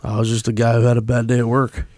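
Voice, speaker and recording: A man speaking as a podcast guest at a mid-range pitch, telling his story bluntly and with plenty of swearing. He leans hard on the words he means, and his voice is recorded close and dry, with no room sound. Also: monotone, fast talker, a little mellow, dry recording. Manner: blunt, profane, emphatic. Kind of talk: casual storytelling.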